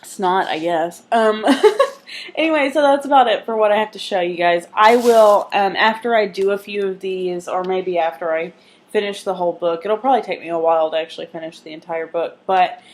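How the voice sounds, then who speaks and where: A young woman vlogging in a casual, rambling way, full of fillers and restarts, with a stuffy nose. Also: brisk. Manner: rambling, many fillers and restarts, laughs easily; coos softly and high when calling her dogs. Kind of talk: casual chat.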